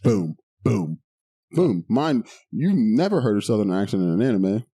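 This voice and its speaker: A man's voice: on the low side, sing-song, moderate pace, dark tone. A young man from the Pittsburgh area co-hosting a podcast in casual chat, swearing and laughing often. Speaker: podcast co-host.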